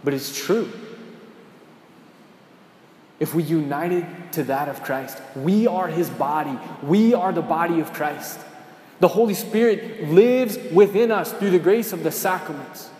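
A man's voice: fairly high pitch, moderate pace, warm tone. A man preaching a sermon as a priest in a church, earnest and conversational, often asking his listeners questions. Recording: echoey church with long reverb.

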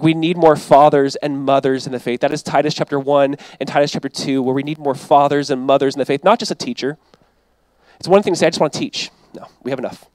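A male pastor delivers a sermon with a high-pitched voice. He talks in a conversational, emphatic way and drops into quoted asides. The sound is dry and close. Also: darkish tone, no room sound, low-quality recording.

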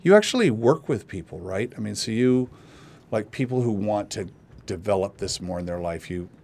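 A man's voice: on the low side, expressive, moderate pace, a little mellow. A man hosting a casual interview podcast, rambling with many restarts. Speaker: podcast host.

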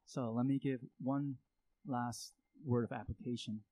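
A man's voice: medium pitch, steady tone, measured pace, dark tone, no room sound, low-quality recording. A man preaching a sermon, speaking earnestly and acting out prayers and indignant reactions to make his point. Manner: earnest, acts out prayers and reactions with rising intensity. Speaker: pastor.

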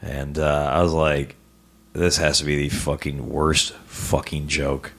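A man's voice: a bass voice, little pitch movement, measured pace, fairly bright tone. A man from the American Midwest, a stand-up comedian, telling a personal story as a podcast guest in a living room. He swears a lot and stammers through restarts. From Rock Island, US Midwest. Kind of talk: casual personal storytelling in an interview.

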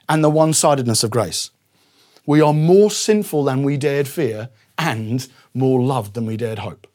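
A middle-aged man preaching a sermon as pastor, moving from soft, reflective reading to forceful, stressed points. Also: medium pitch.

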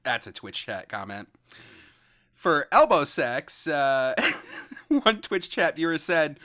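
A man's voice: on the high side, sing-song, slow pace, pushed and bright, no room sound. A man co-hosting a casual chat, reading out viewer comments and dropping wry, dry asides. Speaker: podcast co-host.

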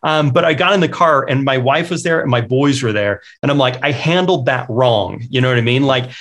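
A man's voice: mid-range voice, a little fast, a bit bright. A middle-aged man, a real estate investor, candidly telling stories of his own mistakes in an interview, often acting out what he said. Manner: candid, anecdotal, quotes himself often. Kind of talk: conversational interview storytelling.

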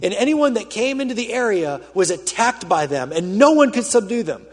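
A male pastor preaching a sermon, telling the story dramatically and swinging from loud, urgent passages to hushed ones. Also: high-pitched, slightly rough. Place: church auditorium with a screen. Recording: reverberant hall.

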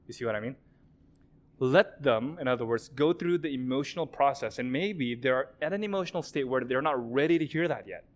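Man, sermon, conversational preaching, acts out quotes, mid-pitched voice.

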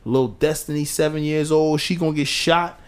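A man co-hosting a casual podcast, talking with passion, rising in pitch to stress points and dropping low to quote others. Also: steady tone, fairly quick, clean tone. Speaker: podcast co-host.

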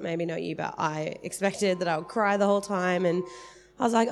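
Gravelly chatty woman. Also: fairly low pitch, moderate pace. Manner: chatty, rambling, many fillers and laughs. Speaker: church member giving testimony. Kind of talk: casual spoken testimony.

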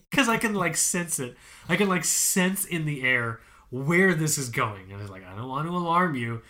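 Young man, podcast co-host, casual storytelling, laughs a lot, swears, animated. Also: fairly high pitch, unhurried.

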